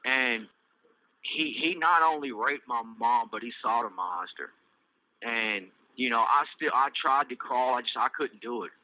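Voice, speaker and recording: A middle-aged man with a Southern US accent, telling his own life story in a loose, halting way with many fillers and restarts. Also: medium pitch, bright, forceful tone, no echo, low-quality recording. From Virginia. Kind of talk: casual personal storytelling.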